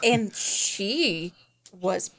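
A woman's voice: mid-range voice, animated, drawn-out words, fairly bright tone. A woman chatting casually, rambling with fillers like um and like. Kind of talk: casual chat.

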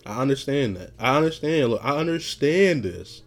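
A man hosting a podcast, telling stories in a casual, rambling monologue, often laughing and getting loud and animated when retelling something that angered him. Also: medium pitch, moderate pace, faint music behind. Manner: rambling, laughs often, frequent "you know what I'm saying".

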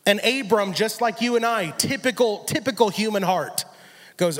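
A man with a very high voice preaches with energy, driving points home by repetition. He voices biblical figures in quick back-and-forth dialogue. The sound rings with the long reverb of a church. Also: a bit bright. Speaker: guest speaker. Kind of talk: sermon.

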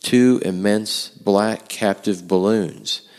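A man giving a history lecture in a measured, reading manner, with wry asides and long passages read aloud. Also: lowish voice, darkish tone. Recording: long hall echo.

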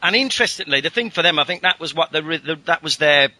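A man's voice: on the high side, expressive, fast, bright, forceful tone. A man, a podcast guest who chats casually and eagerly. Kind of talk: casual chat.

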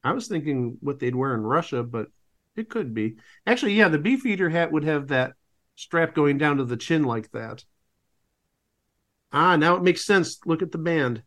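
Lively high-voiced wry man. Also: moderate pace. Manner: wry, rambling asides with fillers. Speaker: podcast co-host. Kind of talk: casual comedic commentary.

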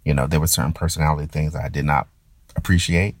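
Low husky guy thinking out loud, stammers a lot, dry close sound. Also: flat delivery, quick pace, dry recording. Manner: hesitant, restarts and stammers. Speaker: performer. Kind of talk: reflective personal monologue.

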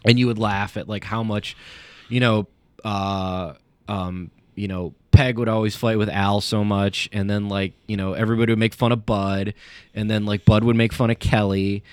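A man's voice: fairly low pitch, flat delivery, normal speed, darkish tone, clean tone, dry recording. A man chatting casually on a podcast, rambling with many fillers and restarts as he tells stories. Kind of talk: casual chat.

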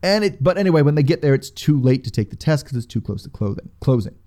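Man, podcast co-host, casual recap, lively swooping pitch, mellow tone. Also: fast talker. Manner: rambling, retells scenes with quoted voices. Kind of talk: casual chat recapping a reality show.

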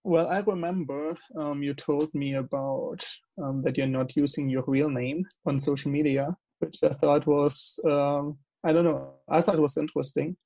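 A young man from Germany with a German accent, talking in a casual, halting and earnest way, with many fillers. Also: on the high side, fairly even intonation, creaky, mellow. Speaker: guest in conversation. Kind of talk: casual conversation.

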